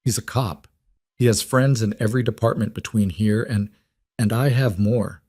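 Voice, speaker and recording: A man voicing a mafia boss who speaks smoothly, calmly and with quiet command. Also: fairly low pitch, moderate pace, no room sound, clean studio sound, natural voice. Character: calm, dangerous male mafia boss.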